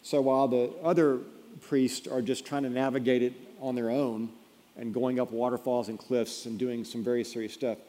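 A man preaching a sermon in a mellow, dark voice, building to loud emphatic peaks before falling to a hush. His voice rings out through a large hall with a long reverb tail. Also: medium pitch, level tone, moderate pace. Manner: storytelling, building to emphatic peaks then dropping quiet. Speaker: pastor.

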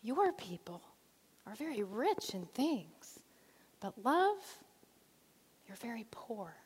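A woman voicing a gentle, earnest village schoolteacher, speaking softly and slowly in a long-echoing hall. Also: on the high side, very animated, breathy edge, full character voice. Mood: tender, earnest. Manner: soft, hushed and slow.

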